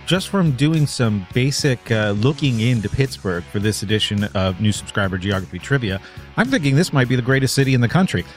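A man's voice: medium pitch, animated, a little fast, faint music behind. A man hosting a podcast and chatting in a casual, playful way. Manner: playful, breaks into mock regional voices. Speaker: podcast host.

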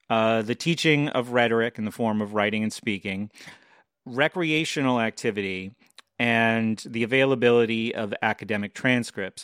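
A man hosting an interview, leading the talk and listing points in a measured way. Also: on the low side, fairly bright tone, dry recording, clean studio sound. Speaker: podcast host and interviewer. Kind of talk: interview questions.

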